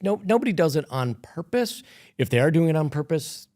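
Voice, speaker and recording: A man coaching in a podcast conversation, speaking calmly and explanatorily and often softening his voice. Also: fairly high pitch, a little fast. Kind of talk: reflective coaching talk.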